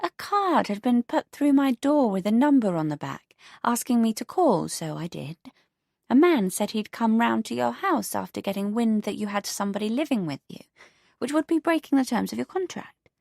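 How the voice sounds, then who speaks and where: A woman narrator gives voice to a prim elderly neighbour lady, pitched well above the reader's own voice and full of lilting rises and falls. She is fussy and proud of her wits, and she speaks her lines in a close, dry audiobook recording with no room sound. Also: big pitch swings, moderate pace, vocal fry, darkish tone, no room sound, heavily acted. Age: older.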